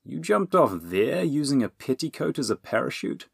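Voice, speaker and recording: A man's voice: mid-range voice, very animated, normal speed, gravelly, slightly rough, dry recording, studio quality, voice pushed up, heavily acted. A man voicing a curious little male hero who explains things and asks questions. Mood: explaining.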